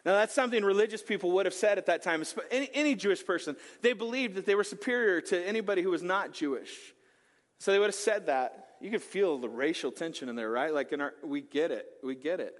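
A male pastor preaching a sermon, telling stories in an animated, conversational way with jokes. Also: high voice, fairly quick. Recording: long hall reverb.

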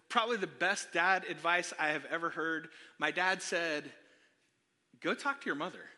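Animated middle-aged pastor, bright and high. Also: male voice. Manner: animated, self-deprecating, talks to the congregation. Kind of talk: sermon with personal storytelling. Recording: long hall reverb.

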